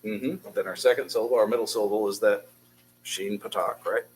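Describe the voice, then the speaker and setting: A man's voice: fairly low pitch, steady tone, a little fast, darkish tone, slight background noise, poor audio. A man teaching a beginners' Hebrew class, patiently drilling syllables and encouraging his students. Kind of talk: classroom language lesson.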